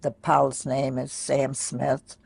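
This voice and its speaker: An older woman quietly recounting a personal memory in a soft, halting way with many pauses. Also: very deep voice, completely flat delivery, vocal fry, slightly rough, dry recording. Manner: soft-spoken, pausing, many fillers. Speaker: interviewee. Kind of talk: personal recollection.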